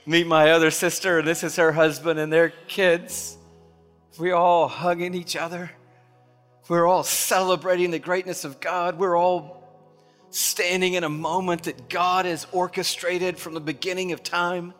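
A man preaches in a large church, his high, bright voice ringing through the long reverb of the hall. He tells a story quietly, then builds to loud, impassioned declarations. Soft music plays underneath. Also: little pitch movement, unhurried. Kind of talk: sermon storytelling.

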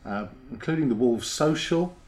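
Casual male podcast host, teasing and chatty, mid-pitched. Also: lively intonation, normal speed, a little mellow, a little hiss or hum. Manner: chatty, joking, self-mocking.

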